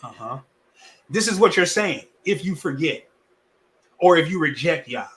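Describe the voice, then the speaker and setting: A male pastor preaching in a lively, folksy way, swinging between loud and hushed delivery with much repetition. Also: on the high side, measured pace, long pauses. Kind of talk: sermon.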